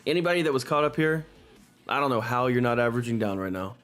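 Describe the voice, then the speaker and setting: A man hosting a live stock market stream, talking excitedly and in exasperation, repeating himself and swearing into a desk microphone. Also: medium pitch, quick pace, faint music behind. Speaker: stock market livestream host.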